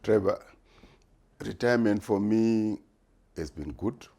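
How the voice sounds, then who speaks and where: A man, speaking very low and slow. His tone is mellow and dark, and he answers interview questions deliberately, pausing often with "uh" as he gathers his thoughts. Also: creaky. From Zimbabwe. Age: 60s. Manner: measured and deliberate, frequent "uh" pauses. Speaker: retired business executive, guest.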